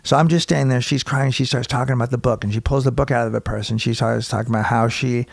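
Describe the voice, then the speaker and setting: Gravelly man telling a profane story. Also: mid-range voice, fast, dry recording, clean studio sound. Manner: profane, rambling, animated storyteller. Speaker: comedian guest. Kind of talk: casual podcast storytelling. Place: home studio room.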